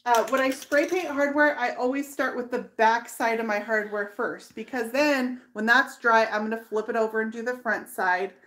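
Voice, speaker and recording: A woman's voice: fairly high pitch, normal speed, hardly any pauses, a bit bright. A woman hosting a live furniture painting demonstration in her workshop, explaining each step in a chatty way and laughing easily. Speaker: furniture painter and tutorial host.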